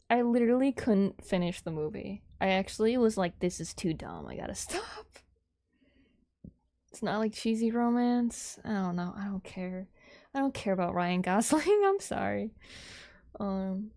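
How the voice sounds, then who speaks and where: A woman chats casually on a livestream with her viewers, rambling from thought to thought and breaking into giggles often. Her voice has a noticeable gravelly fry. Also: on the high side, warm tone. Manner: rambling, giggly, frequent laughter and restarts.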